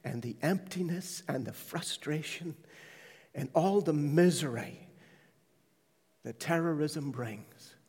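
A man preaching a sermon, telling his testimony with hushed, tender stretches and sudden loud quoted voices. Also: fairly high pitch, takes it slowly, pauses often, breathy edge. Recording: large hall reverb.

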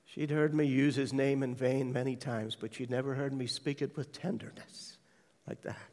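A man preaching a sermon, telling his testimony with hushed, tender stretches and sudden loud quoted voices. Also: medium pitch, little pitch movement, normal speed. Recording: large hall reverb.

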